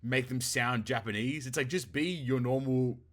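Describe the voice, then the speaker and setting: Animated young man telling a story. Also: medium pitch, normal speed. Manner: animated storyteller, acts out quotes, laughs often, swears. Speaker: podcast co-host. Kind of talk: casual chat.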